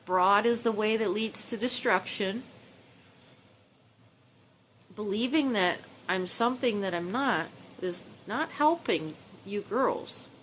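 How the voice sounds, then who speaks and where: A woman's voice: medium pitch, animated, a little slow, hardly any pauses, fairly bright tone, a little hiss or hum. A middle-aged woman speaking tenderly and pleadingly in a personal video message to her estranged children, quoting scripture at times. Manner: preachy, quotes scripture.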